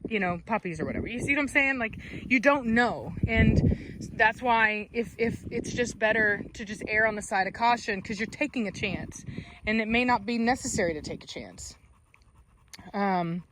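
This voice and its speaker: A woman's voice: on the high side, normal speed. A woman, a dog breeder chatting casually on her vlog and cooing baby talk at her dogs. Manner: coos baby talk at the dogs, calls them loudly. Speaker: dog breeder and channel host. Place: outdoors with dogs. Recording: noisy outdoor recording.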